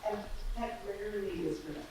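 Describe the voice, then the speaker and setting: A woman on a community panel, giving calm, earnest advice to parents. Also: mid-range voice, fast, noisy background. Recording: echoey hall from far off.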